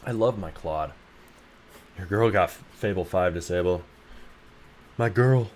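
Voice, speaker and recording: A man's voice: sits low, a little slow, a little hiss or hum. Joking, swearing young man streamer. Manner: joking, swearing, reads chat aloud. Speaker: game developer streamer. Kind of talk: casual livestream chat.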